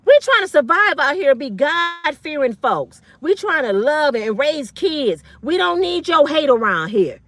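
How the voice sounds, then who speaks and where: A woman's voice: sits high, very animated, a little slow, few pauses, no echo. Fiery, blunt woman in her fifties. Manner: blunt, fiery, profane, slangy. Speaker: online commentator. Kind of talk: ranting monologue.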